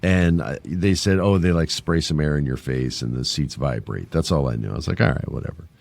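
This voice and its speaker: Deep-voiced man in his forties telling stories. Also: fairly quick, creaky, no echo. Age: 40s. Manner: animated, jokey storyteller with crude asides. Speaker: podcast host. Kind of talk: casual storytelling chat.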